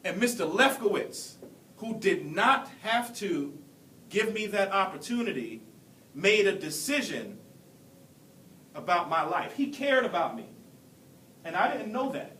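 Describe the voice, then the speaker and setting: A man in his forties from Brooklyn giving an earnest motivational keynote speech, telling stories with deliberate pauses. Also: sing-song, pushed and bright. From Brooklyn, New York. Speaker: keynote speaker. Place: large hall at a ceremony. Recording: echoey hall, distant mic, faint rumble.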